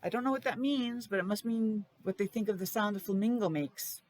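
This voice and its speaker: A woman's voice: medium pitch, darkish tone, a little hiss or hum. Rhode island lady teacher reading a picture book to little kids, sing-songy, sounds out letters. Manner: sounds out letters slowly and repeats words in a sing-song way. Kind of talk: reading a picture book aloud to young children.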